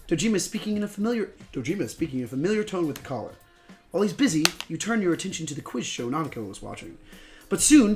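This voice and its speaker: Hoarse, giggly let's play host. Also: male voice, a little high, darkish tone. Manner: giggly, playful. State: hoarse, lost voice. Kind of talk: casual game reading with banter.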